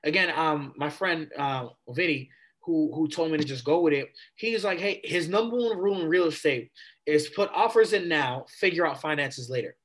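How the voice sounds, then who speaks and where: A man in his twenties, a podcast guest, telling a story in a casual, animated way and replaying conversations with casual slang. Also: on the high side, moderate pace. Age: 20s.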